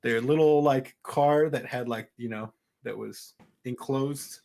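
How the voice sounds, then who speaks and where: A man's voice: medium pitch, measured pace, gravelly, darkish tone. A young man co-hosting a podcast, telling a childhood story in casual chat and laughing often. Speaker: podcast co-host.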